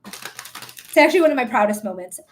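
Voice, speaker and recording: A woman in her thirties chats on a home livestream in a high, light voice. She rambles in a loose, goofy way and slips into giggles often, talking straight to her viewers. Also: animated, brisk, heavy background noise. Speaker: livestream host and reader. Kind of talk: casual livestream chat.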